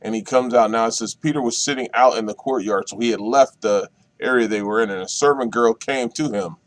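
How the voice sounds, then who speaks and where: A minister reading scripture aloud and explaining it verse by verse, with slow, deliberate delivery and repeated key phrases. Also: male voice, mid-range voice. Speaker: minister leading Bible study.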